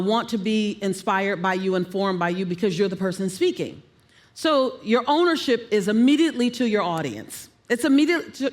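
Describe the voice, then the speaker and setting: A woman coaching on public speaking, emphatic and animated, telling listeners what to write down. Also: medium pitch. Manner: emphatic, animated, gives instructions.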